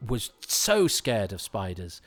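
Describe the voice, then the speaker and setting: Rambling man, lowish voice. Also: very animated, slow. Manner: rambling and self-interrupting, frequent restarts. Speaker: commentator on a classic TV episode. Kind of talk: casual commentary chat.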